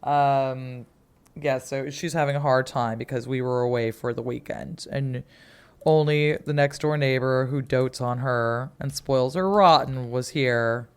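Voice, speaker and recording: A man's voice: mid-range voice, fairly even intonation, a little slow, smooth. A man in his forties, co-hosting a podcast in casual, rambling chat with offhand swearing. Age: 40s. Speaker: podcast co-host.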